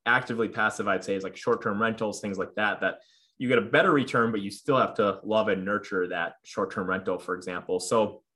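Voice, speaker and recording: A man's voice: lowish voice, fairly even intonation, brisk, bright, forceful tone. A man in his thirties, a guest in a casual interview, talking earnestly with lots of fillers and restarts. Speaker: podcast guest.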